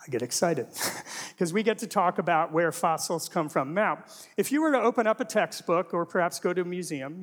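A man's voice: high voice, fairly bright tone. A middle-aged man giving a humorous teaching presentation to a live audience, full of rhetorical questions and jokey asides. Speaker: Christian apologetics speaker. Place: large hall before a live audience. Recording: long reverb of a large hall.

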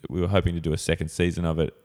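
An Australian man chatting casually as a podcast guest, relaxed and chuckling, trailing off with fillers. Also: deep voice, rapid-fire. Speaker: podcast guest, comedian and actor. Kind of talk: casual chat.

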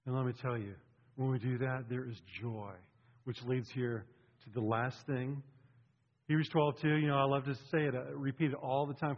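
A man's voice: mid-range voice, flat delivery, moderate pace. A man in his forties, a pastor giving an earnest, conversational sermon with frequent restarts, recorded in a church sanctuary. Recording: dull lo-fi sound in a reverberant hall.

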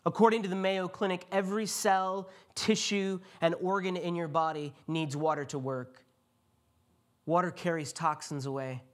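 A male pastor giving a sermon, retelling a scripture story and speaking the quotes in a quieter voice. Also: high-pitched, steady tone, normal speed. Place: church.

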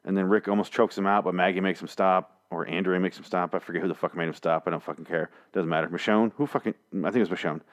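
A man's voice: deep voice, fairly even intonation, quick pace, hardly any pauses, lo-fi sound. Rambling, swearing male comic reviewer. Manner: rambling, sarcastic, swears freely, slips into mock voices. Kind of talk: casual profane recap monologue.

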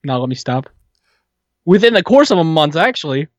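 Casual co-host, quick interjections, dry sound. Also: mid-range voice, sing-song, no room sound. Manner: chatty, interjecting, swears casually. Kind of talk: casual chat.

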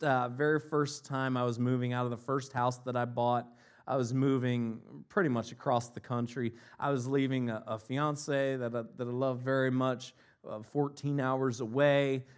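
A man from Ohio preaching a sermon, mixing jokey, animated asides with earnest, quieter scripture reflection. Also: mid-range voice. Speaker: pastor.

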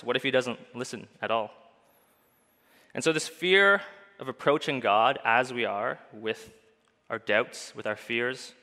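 Guy preaching a sermon in a church hall, bright voice, long reverb, keeps asking questions. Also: mid-range voice. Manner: earnest, asks the listeners many questions. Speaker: pastor.

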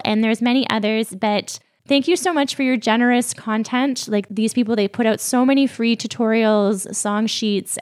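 Slow-talking teary woman podcast host. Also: medium pitch. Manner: heartfelt, gets teary while thanking listeners. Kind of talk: casual solo podcast talk.

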